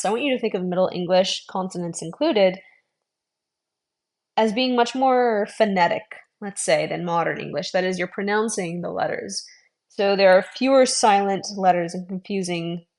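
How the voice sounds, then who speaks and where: A woman giving an online language lesson, modelling sounds slowly, repeating them and adding friendly, encouraging asides. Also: lowish voice, a little mellow. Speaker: language teacher.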